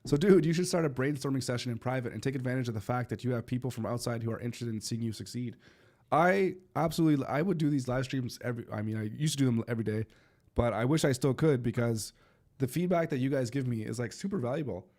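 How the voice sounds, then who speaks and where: A man hosting a casual live stream and chatting with viewers, hoarse and coughing as his voice gives out, rambling with restarts and fillers. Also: medium pitch, fast, a little mellow. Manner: addresses viewers directly.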